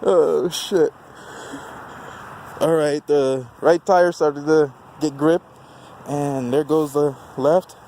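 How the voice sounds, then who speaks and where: A man's voice: fairly high pitch, fairly even intonation, slow pace, long pauses, mellow, a little hiss or hum. A man filming outdoors at night on a handheld camera, giddy and swearing, laughing often between remarks. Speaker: vlogger filming a burnout. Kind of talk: excited casual commentary.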